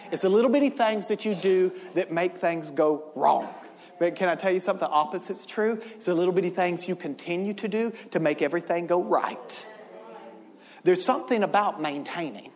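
A man preaching a sermon as pastor in a church, in an impassioned style that builds to shouting. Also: sits high, long reverb tail.

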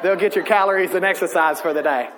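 A man with a high voice preaches with lively humor and keeps asking the congregation questions. His voice rings out in the long reverb of a large church hall. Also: fast talker, crowd noise. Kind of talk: sermon.

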